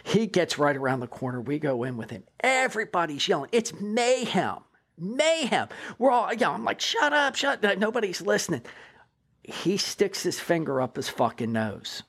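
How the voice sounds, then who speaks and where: A man, a former police officer and drug agent, guesting in a casual interview and telling animated stories with stammering restarts and swearing. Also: fairly high pitch, brisk, husky.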